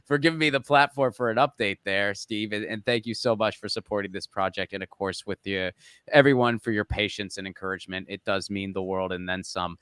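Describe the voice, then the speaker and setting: Smooth-voiced man reeling off tour dates. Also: on the low side, steady tone, a bit bright, dry recording, studio quality. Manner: rapid list-reading, self-deprecating humor. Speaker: guest comedian. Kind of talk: casual chat, plugging tour dates.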